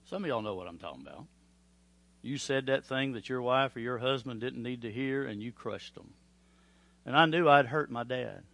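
Bright-voiced preacher, hushed then loud. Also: male voice, mid-range voice, animated, moderate pace, creaky, no room sound. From Oklahoma. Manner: swings from hushed pleading to loud storytelling. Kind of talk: sermon with altar call and personal story.

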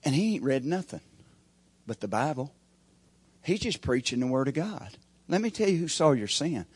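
A male preacher delivers a sermon. His voice is husky, and he keeps checking in with the congregation through rhetorical questions. He swings between loud emphatic builds and quiet, low asides. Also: very animated, normal speed. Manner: call-and-response preaching, rising and falling emphasis.

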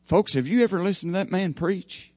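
A man preaching an evening sermon, his voice swinging from loud emphasis to hushed asides. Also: high voice, a little fast, no room sound.

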